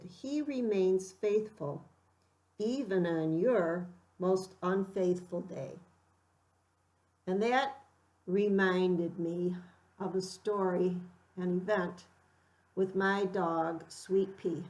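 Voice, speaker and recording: A middle-aged woman tells a personal story unhurriedly and reflectively, giving quoted lines an animated lift. Her voice is mid-range, and the audio quality is poor.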